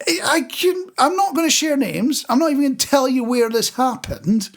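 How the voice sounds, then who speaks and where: This podcast co-host has a very high, expressive voice and keeps a moderate pace. He's a chatty storyteller in a casual conversation, often restarting and chuckling.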